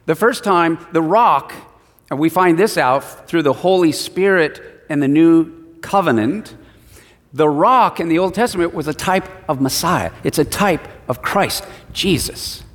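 A man's voice: on the high side, a little slow. A man preaching a sermon, reading scripture and retelling it in a casual storytelling way, heard with a long hall reverb. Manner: conversational storytelling with acted quotes.

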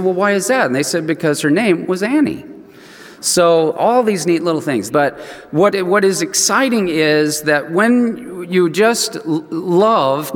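An older man preaching a sermon, telling a family story in a conversational, animated way and acting out the voices of the people in it. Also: a little high, in a large hall. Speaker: pastor.

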